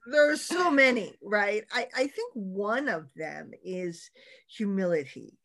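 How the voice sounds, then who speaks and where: A middle-aged woman talks as a podcast guest in a relaxed, upbeat way. Her voice sits in a middle range, and she speaks with lively warmth. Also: medium pitch, takes it slowly. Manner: enthusiastic, expressive, laughs often. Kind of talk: casual interview chat.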